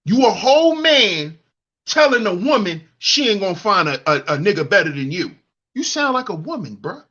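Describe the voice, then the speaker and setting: High-pitched with big swings, this man speaks at normal speed in a bright, forceful tone, though the audio is dull. As a commentary channel host reading live chat, he preaches at other men in a heated monologue and mocks them in a whiny put-on voice.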